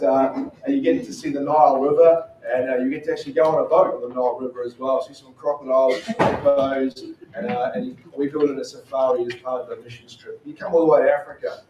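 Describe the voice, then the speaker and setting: A man's voice: medium pitch, a little mellow, slight background noise. A man with an Australian accent, a missionary speaking to a church group in a chatty, storytelling way full of fillers. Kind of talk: casual talk to a church group. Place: church hall. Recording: roomy echo from a distant mic.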